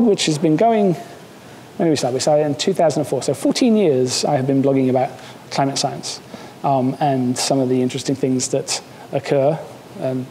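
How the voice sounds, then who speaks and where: Man, seminar speaker, chatty and wry, restarts a lot; roomy lecture-hall sound, faint rumble. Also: dark tone. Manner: casual, joking, many fillers and restarts. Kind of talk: academic seminar talk.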